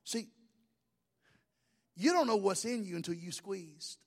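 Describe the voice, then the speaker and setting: A man's voice: high voice, lively intonation, a little slow, big-room sound. A man preaching a sermon, conversational, joking with the congregation in asides. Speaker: pastor.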